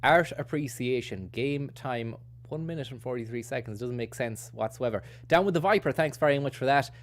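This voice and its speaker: A man's voice: medium pitch, a little fast. A man hosting a stream, rambling through casual, self-mocking commentary with sweary asides. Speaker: streamer host.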